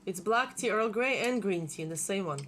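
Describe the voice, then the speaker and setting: A woman's voice: medium pitch, animated, a little fast, background noise. A woman with a slight Russian accent, chatting casually and agreeably at a home meal. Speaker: channel host. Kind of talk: casual mukbang chat. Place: home dining table.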